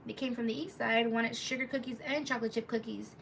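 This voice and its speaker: Gravelly-voiced woman rambling on a live stream. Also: fairly high pitch, steady tone, quick pace, fairly bright tone, distant mic, a little hiss or hum. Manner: rambling, chatty, full of "like" and asides to viewers; reads viewer comments aloud mid-story. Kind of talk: casual storytelling on a live stream.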